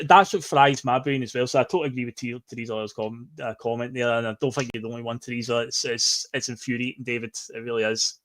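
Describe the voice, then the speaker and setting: A man co-hosting a casual football podcast, ranting in an exasperated, animated way. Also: medium pitch. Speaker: podcast co-host.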